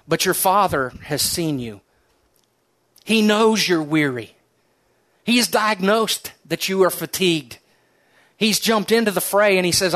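A pastor delivering a sermon in a slightly high man's voice. He tells his story earnestly, then sinks into soft, hushed phrases to drive a point home. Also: measured pace, long pauses. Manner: earnest storytelling preacher, dropping to soft, hushed tones for emphasis.

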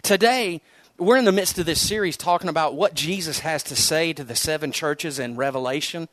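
A middle-aged man from the United States preaching a sermon as pastor, in a conversational, animated storytelling way with frequent repeated words. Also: on the high side, normal speed, no room sound.

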